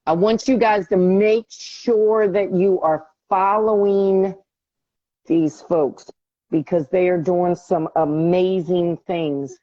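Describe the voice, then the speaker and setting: A woman's voice: fairly low pitch, steady tone, slow pace, warm tone, no echo. A woman hosting a casual live stream, talking to herself as she struggles with the app and grows frustrated. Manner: frustrated, talking to herself while fixing tech. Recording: dull lo-fi stream audio.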